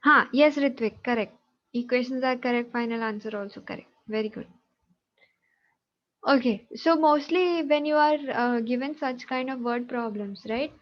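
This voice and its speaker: A woman's voice: a little high, normal speed, highs cut off. A woman math teacher, patiently checking students' answers in an online class over a video call.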